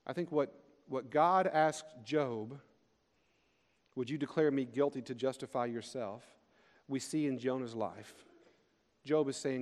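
A man's voice: a little high, lively intonation. Man preaching in a reverberant hall. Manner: earnest, rising and falling emphasis with slowed key phrases. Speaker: pastor. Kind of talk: sermon.

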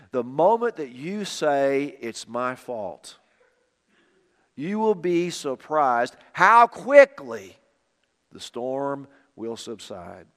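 A man preaching a sermon with emphatic, repeated phrases, dropping quiet on key lines. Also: on the high side, clear, resonant tone. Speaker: pastor. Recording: long reverb of a hall.

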